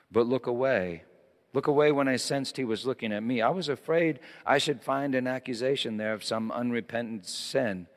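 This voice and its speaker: A man preaching a sermon, reading scripture dramatically, rising loud and high in quoted lines and dropping to a hush in tender ones. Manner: dramatic scripture reading, swelling then hushed. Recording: long hall reverb.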